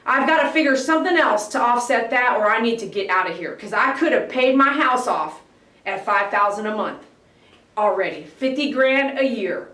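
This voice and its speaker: A woman who works as a dog groomer, chatting casually on a livestream, telling stories in an animated way and imitating barking dogs. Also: fairly high pitch, normal speed, distant mic. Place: grooming salon. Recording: echoey room, voice off-mic.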